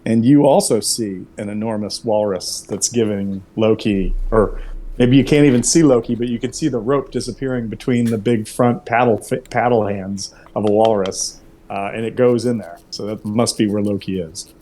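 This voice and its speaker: A man's voice: fairly low pitch, normal speed, warm tone, a little hiss or hum. A man acting as game master for an online tabletop game, talking in an easygoing way with lots of fillers and self-corrections.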